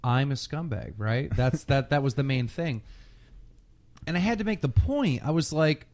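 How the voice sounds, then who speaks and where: A man chatting casually on a podcast, telling a story with lots of swearing and loud mimicry of other people. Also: mid-range voice, lively intonation, normal speed. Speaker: podcast guest.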